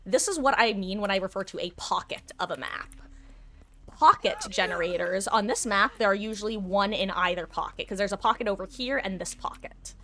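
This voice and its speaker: A woman's voice: medium pitch, a little fast, pushed and bright. A woman live-streaming a video game, chatting casually and explaining tactics to her viewers. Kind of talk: casual gameplay commentary.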